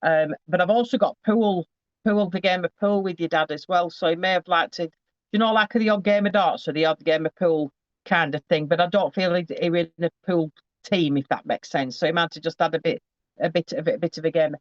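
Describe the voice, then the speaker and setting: A man gives a psychic reading in a fairly high, chatty voice. He often trips and restarts mid-phrase as he relays messages. The recording is dry and slightly muffled. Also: brisk, no room sound. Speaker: psychic medium. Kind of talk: live spirit reading to a sitter.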